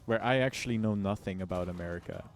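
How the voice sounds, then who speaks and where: A man's voice: fairly low pitch, fast talker, faint music behind. A man streaming a video game, joking with chat, swearing and laughing often. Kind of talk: casual gaming stream chat.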